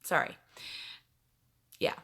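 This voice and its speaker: A middle-aged woman vlogs from her home in front of a backdrop, chatting to the camera with a bright, crisp edge to her voice. She rambles along casually and pokes fun at herself. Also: very slow. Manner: chatty, rambling, self-mocking. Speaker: vlogger.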